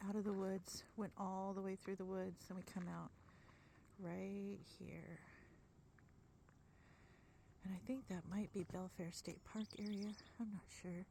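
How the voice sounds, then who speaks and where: A woman's voice: medium pitch, flat delivery, unhurried, vocal fry, long pauses, mellow, slight background noise. A woman narrating a casual hiking vlog in a gushing, enthusiastic way, recorded on a handheld phone on an outdoor forest trail. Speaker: vlogger.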